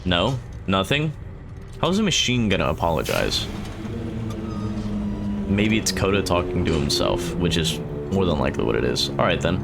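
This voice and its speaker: A man's voice: sits low, big pitch swings, normal speed, creaky, pauses often, loud music behind the voice. A young man casually commenting as he plays a game, joking, reacting aloud and slipping into silly voices. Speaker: gameplay streamer. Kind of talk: let's play commentary.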